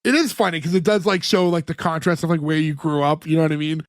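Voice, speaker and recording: A man's voice: on the high side, steady tone, fast talker, no room sound, studio quality. A man co-hosting a podcast in casual chat, retelling scenes at length with lots of "like" fillers. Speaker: podcast co-host recapping a sitcom episode.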